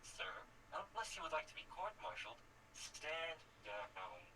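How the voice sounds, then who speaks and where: A man in a tabletop game speaks his character's lines measured and formal, a little off-mic. Background noise is clearly audible. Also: fairly high pitch, sing-song, bright, forceful tone, distant mic, poor audio. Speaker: player. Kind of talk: casual tabletop role-play.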